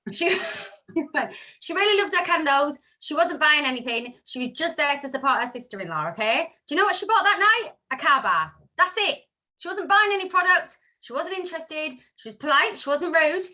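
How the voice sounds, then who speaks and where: A woman's voice: high-pitched, normal speed. A woman speaking from home, casually sharing sales tips on a group call, chatty and full of asides. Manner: chatty, self-interrupting, animated storytelling. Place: home room.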